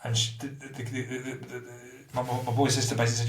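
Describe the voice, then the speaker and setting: A man speaks quickly and bluntly as a guest in a candid conversation about recovery. His talk is rambling and emotional, with heavy swearing. The recording is echoey and he sits a little away from the mic. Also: medium pitch, flat delivery, distant mic, slight background noise. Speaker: interview guest.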